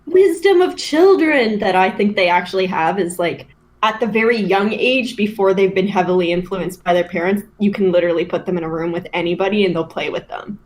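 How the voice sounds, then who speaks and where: A woman with a Canadian accent, co-hosting a podcast and telling stories in an animated way, full of "like" and casual swearing. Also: mid-range voice, fairly quick. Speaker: podcast co-host. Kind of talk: casual storytelling.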